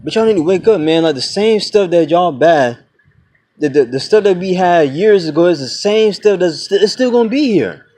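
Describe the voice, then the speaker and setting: High-voiced young man ranting bluntly. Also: expressive, moderate pace, darkish tone. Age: 20s. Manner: blunt, preachy, swears freely, calls viewers "y'all" and "man". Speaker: vlogger. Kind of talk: casual rant to camera.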